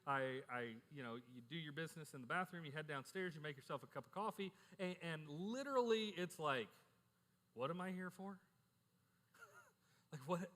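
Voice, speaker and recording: A man's voice: fairly high pitch, expressive, normal speed, fairly bright tone. A middle-aged male pastor preaching a sermon in a candid, conversational way, often repeating words as he starts a sentence. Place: church. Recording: echoey church hall.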